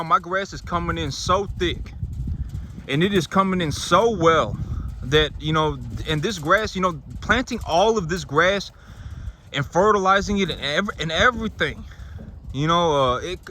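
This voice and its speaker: A man's voice: fairly high pitch, pushed and bright. A man, a farmer, talking casually to the camera outdoors on his farm, rambling and restarting his sentences. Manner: rambling, repeats himself, restarts often. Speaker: farmer and vlogger.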